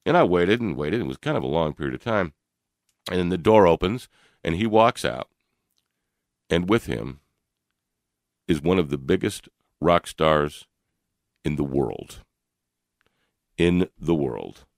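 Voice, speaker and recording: An older man co-hosting a radio talk show, telling a personal story in an animated way with frequent laughs and fillers. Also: sits low, moderate pace, long pauses, dry recording, clean studio sound. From Louisville, Kentucky area. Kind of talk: storytelling in casual chat.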